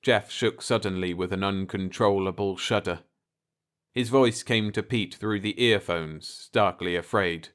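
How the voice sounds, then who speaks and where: Male narrator for a bedtime story, calm, very slow delivery. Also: low voice. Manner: calm and unhurried.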